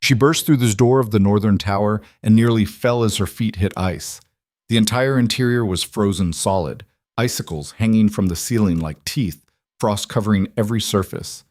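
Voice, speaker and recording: Guy narrating a fantasy story, lowish voice, dry close sound. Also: normal speed, darkish tone, dry recording. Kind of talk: scripted narration.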